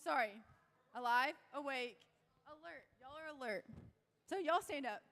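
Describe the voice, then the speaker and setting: A young woman with a sore voice leads a crowd game at a church youth event, bubbly and shouting cheers. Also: high-pitched, measured pace.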